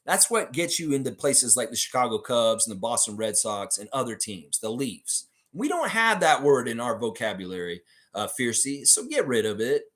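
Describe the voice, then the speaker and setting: A blunt man hosts a live sports stream and rants about his team. His pitch swings widely as he reads out viewer comments and fires back strong opinions through a desk mic. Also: sing-song, moderate pace, few pauses, fairly bright tone. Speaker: host of a fan channel live stream.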